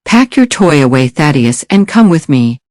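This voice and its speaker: A man voicing a calm, lethal male government enforcer, measured and commanding. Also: a little high, no echo, clean studio sound.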